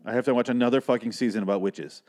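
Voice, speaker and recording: A man's voice: mid-range voice, very fast, darkish tone. A man hosting a podcast, recapping a TV episode in a casual, profane, sarcastic and rambling way. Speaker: podcast host.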